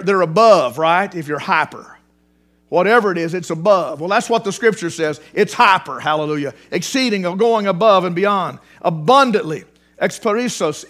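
A man preaching a sermon in a church, animated, repeating words for emphasis and restarting phrases often. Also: high voice. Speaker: pastor. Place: church sanctuary.

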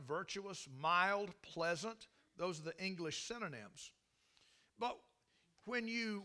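A man's voice: sits high, pushed and bright. A man preaching a sermon in a folksy, emphatic way, often restarting his sentences. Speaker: pastor.

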